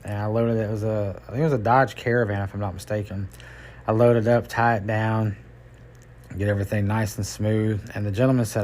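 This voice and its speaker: A man's voice: on the low side, little pitch movement, brisk, a little mellow. Folksy man telling rambling stories. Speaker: podcast host and tow truck driver. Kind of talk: casual storytelling.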